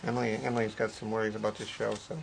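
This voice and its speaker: A man in casual chat as a radio co-host, joking with his guests. He talks fast in a gravelly voice. There is clear noise behind him. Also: on the low side, flat delivery.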